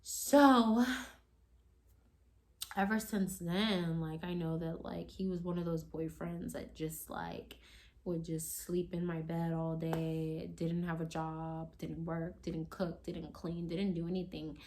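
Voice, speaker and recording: Woman, lowish voice, casual storytime vlogger, rambling, acts out quotes. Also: little pitch movement, a little slow, darkish tone. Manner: chatty, rambling, heavy on "like" and "you know"; acts out quoted lines in a raised voice.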